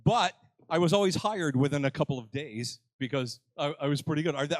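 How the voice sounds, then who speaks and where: Speaking briskly in a voice on the high side, an older host leads a live convention panel. He kids around with the crowd and turns the jokes on himself, captured in a dry recording.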